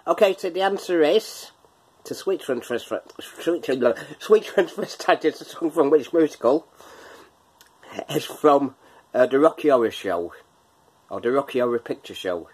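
A man's voice: medium pitch, expressive, a little slow, long pauses, a little mellow, breathy edge. A man hosting a casual quiz from his kitchen, chatty, laughing often and breaking into bits of song. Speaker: quiz host. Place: home kitchen.

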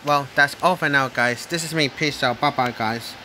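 A man vlogging an angry, repetitive rant, with bursts of yelling. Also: medium pitch, normal speed, a little hiss or hum.

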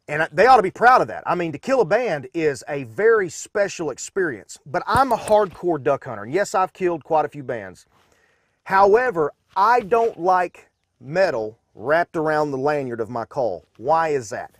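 A man's voice: on the high side, dry recording, clean studio sound. A man from Arkansas, demonstrating duck calls in a folksy, instructional way from a duck blind.

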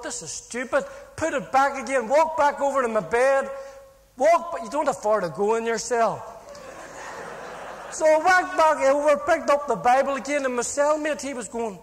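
Brief: Irish man, high voice, comic testimony storytelling in a reverberant hall. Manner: jokey, punchline-driven, animated. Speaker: speaker giving a testimony.

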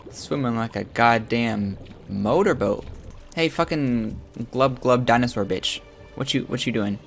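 A man giving crude, joking commentary while playing a video game, with loud excited outbursts. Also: medium pitch, gravelly. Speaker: gamer streaming his own play. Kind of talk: profane let's-play commentary.

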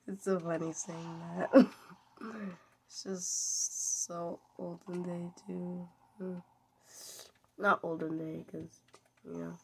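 A woman's voice: on the low side, little pitch movement, slow, creaky, pauses often, a little hiss or hum. A woman giving playful, rambling commentary over her gameplay, giggling often. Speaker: gaming video creator.

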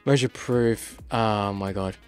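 A man's voice: fairly low pitch, takes it slowly, a little mellow, clean tone, faint music behind. A tired man doing casual let's play commentary, exasperated and rambling, swearing as he goes.

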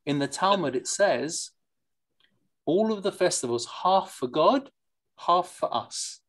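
Lively teacher explaining texts to a class. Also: medium pitch, slow pace. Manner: lively and digressive, asks the class questions; mixes in Yiddish and Hebrew terms. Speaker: teacher leading a study class. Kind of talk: informal lecture, reading texts aloud and explaining them.

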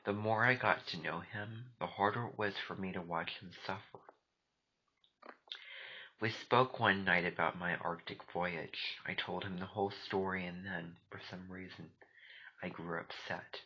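A man narrating a storybook in a hushed, soft reading voice on a dull lo-fi recording. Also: low-pitched, steady tone, a little slow, husky. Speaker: audiobook narrator. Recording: dull lo-fi recording, faint noise.

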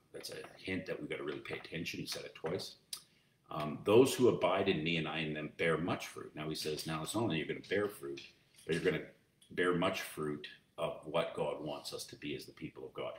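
A man preaching as pastor, teaching in a conversational way with many fillers and restarts. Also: rumbling low. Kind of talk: sermon. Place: church. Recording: roomy echo, distant mic, faint noise.

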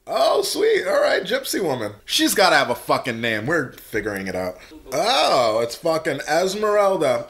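A man giving a casual, profane reaction commentary while watching a movie, blurting out excited remarks. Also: a little high. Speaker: reaction video host.

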